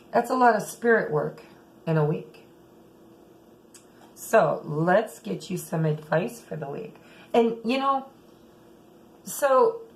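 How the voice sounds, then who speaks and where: A middle-aged woman giving a chatty tarot reading, often checking in with "okay", her throat a little rough. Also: lowish voice, slight background noise, low-quality recording. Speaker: tarot reader. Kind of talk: casual tarot reading monologue.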